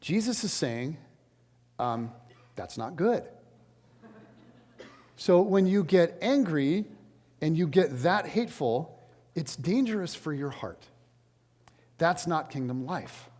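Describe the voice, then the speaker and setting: Man, pastor, sermon, high voice, conversational and animated, long church reverb. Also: slow pace, long pauses. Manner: animated, conversational, jokey asides. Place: large church sanctuary.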